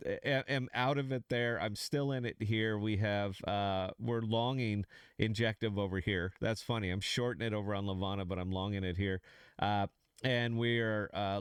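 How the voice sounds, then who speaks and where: A man with a smooth, clear and slightly low voice, recorded dry and close. He rambles loosely through a casual solo commentary, full of uhs and restarts, and laughs off his own mistakes. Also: no room sound. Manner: candid, self-mocking about losses. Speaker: crypto trading podcast host.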